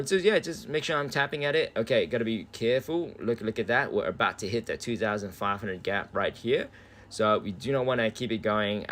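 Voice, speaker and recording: A man's voice: fairly low pitch, a bit bright, slight background noise. An Australian man chatting casually on a live game stream from home, laid-back and swearing freely. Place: indoors at home.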